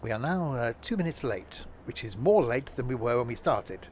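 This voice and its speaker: A man's voice: medium pitch, lively intonation, normal speed, darkish tone, a little hiss or hum. A man streaming a train simulator, talking through it in wry, grumbling running commentary. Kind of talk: live gameplay commentary.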